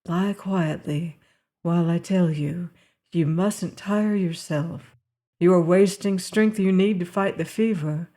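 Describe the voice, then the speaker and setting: A woman reading the part of a gentle, strong man who soothes a fevered girl in a low, monotonous, half sing-song croon. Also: slow pace. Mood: tender. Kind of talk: audiobook character reading.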